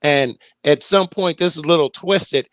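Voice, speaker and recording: A man's voice: on the high side, moderate pace, no room sound. Rambling, cursing man telling a story. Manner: rambling, profane, many fillers and restarts. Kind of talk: casual storytelling.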